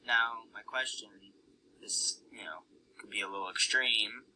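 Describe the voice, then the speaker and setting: A man's voice: lowish voice, measured pace, pushed and bright, slight background noise, low-quality recording. A man speaking up as a student in a classroom discussion, casual and hesitant with many fillers.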